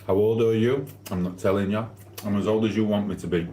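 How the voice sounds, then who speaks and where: Livestream host, man, very low voice, rambling cheeky banter, eats on mic in a roomy kitchen. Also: steady tone, brisk, dark tone, a little hiss or hum. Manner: rambling, cheeky and flirty, eating while talking. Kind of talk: casual live-stream chat. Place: home kitchen.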